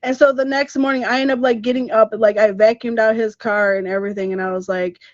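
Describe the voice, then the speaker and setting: High-voiced woman telling an animated story. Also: quick pace, no room sound. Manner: animated, emphatic storytelling with laughs. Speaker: podcast co-host. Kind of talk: casual storytelling chat. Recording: dull, slightly muffled podcast audio.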